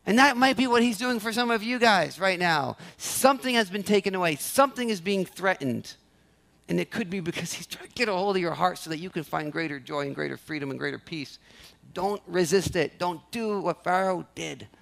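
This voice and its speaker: High-voiced animated preacher man. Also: fairly quick, gravelly. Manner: animated, acts out quoted prayers, repeats key phrases. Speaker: pastor. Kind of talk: sermon. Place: church sanctuary.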